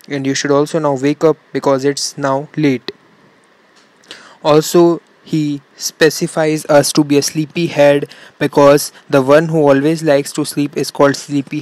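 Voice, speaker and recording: A man's voice: a little high, a little mellow, no echo. A young man with an Indian English accent, an English teacher explaining a children's poem and repeating each point simply for young pupils.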